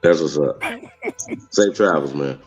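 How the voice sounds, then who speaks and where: Man, very low voice, blunt and rambling, dull lo-fi audio. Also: measured pace, soft background music. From Mississippi. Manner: blunt, heated, rambling, profane. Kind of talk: casual livestream talk.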